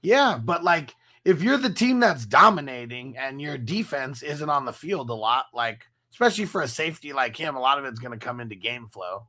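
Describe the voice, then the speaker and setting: Bright, lively-voiced man co-host. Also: mid-range voice, brisk, hardly any pauses. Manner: laid-back, profane, laughs often. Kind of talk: casual podcast banter.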